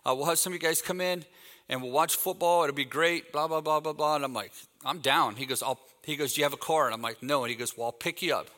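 A bright, fairly high-voiced guest speaker from Texas, in his fifties, preaches a sermon in a church hall where his words ring out with a long reverb. Talking fast, he tells stories in an animated way and acts out the quoted dialogue of each conversation.

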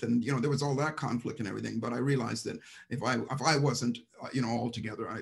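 A man's voice: mid-range voice, fairly even intonation, fast, vocal fry, few pauses. A man hosting a podcast interview, encouraging his guest and answering with short affirmations. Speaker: podcast host. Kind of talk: casual interview.

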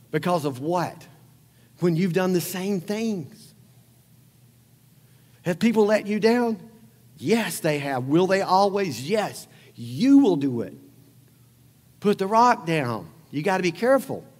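A man's voice: sits high, darkish tone. A man preaching a sermon, talking conversationally with rhetorical questions and repeated lines for emphasis. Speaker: pastor. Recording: long hall reverb.

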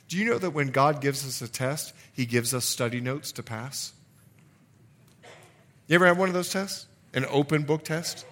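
A male pastor preaching a sermon, reading scripture aloud and commenting between verses, his voice climbing high on the key lines. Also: normal speed, a bit bright.

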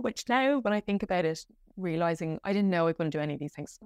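A woman's voice: on the low side, expressive, fairly quick, a little mellow, clear, resonant tone, no room sound, clean studio sound. An Irish woman hosting a podcast, telling a personal story in a candid, rambling way with many fillers and restarts. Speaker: podcast host.

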